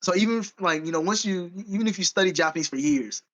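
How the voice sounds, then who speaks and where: A man's voice: high voice, fast talker, a bit bright, dull audio. A man co-hosting a podcast in casual chat, rambling and correcting himself as he goes, with frequent laughs. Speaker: podcast co-host.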